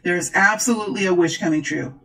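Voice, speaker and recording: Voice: medium pitch, fast, vocal fry, poor audio. A tarot reader talking to viewers during a card reading, gushing and exclaiming. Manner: excitable, exclaims and gushes.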